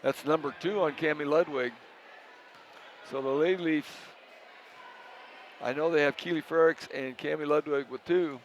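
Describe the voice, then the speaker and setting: A man doing play-by-play commentary for a high school basketball game, calling plays in short, brisk bursts. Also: fairly even intonation, muffled recording, slight background noise. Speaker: play-by-play announcer.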